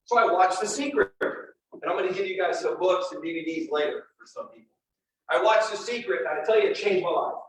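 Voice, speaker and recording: A middle-aged man whose voice sits high talks fairly quickly to a live crowd at a real estate event. He shares a personal story animatedly, addressing the audience directly, and the recording picks up a very echoey room through a distant mic with faint background noise.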